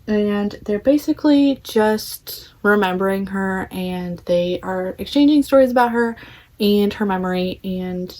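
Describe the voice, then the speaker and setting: A woman's voice: mid-range voice, measured pace, darkish tone. A young woman vlogging a casual book plot summary, chatty and full of "like", acting out the characters' lines.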